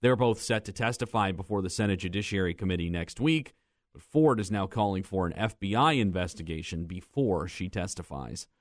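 A man reading the news on a morning radio show in the studio, with brisk, even delivery. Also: low-pitched, no room sound. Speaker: news reader. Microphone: studio microphone.

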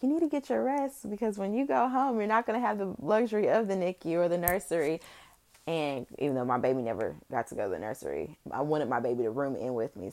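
A woman with an unusually deep, low-pitched voice talks straight to her viewers in a casual vlog. She speaks as a new mother, heartfelt and rambling, filling her sentences with little fillers. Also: a little mellow.

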